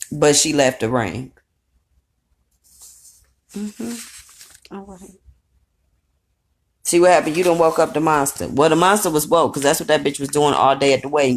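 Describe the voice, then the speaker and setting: Blunt, profane woman recapping reality TV. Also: rumbling low. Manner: rambling with fillers and asides. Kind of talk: casual recap commentary.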